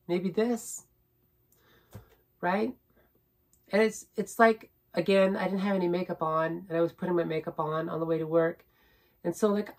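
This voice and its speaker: A woman's voice: on the low side, darkish tone. A woman vlogger telling a personal story in a rambling, repetitive way, often adding "right?" and growing indignant as she stresses her points. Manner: indignant, building emphasis.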